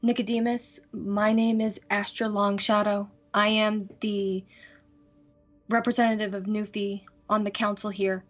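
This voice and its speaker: A woman voicing a composed female council representative who speaks politely and with measured care. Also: mid-range voice, flat delivery, highs cut off, faint music behind, natural voice. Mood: formal.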